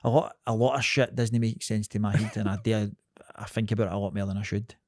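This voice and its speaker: A man's voice: lowish voice, steady tone, quick pace, darkish tone, no echo, studio quality. A young man with a Glasgow Scottish accent, co-hosting a podcast in blunt, sweary, rambling casual chat. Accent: Scottish, Glasgow area. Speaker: podcast co-host.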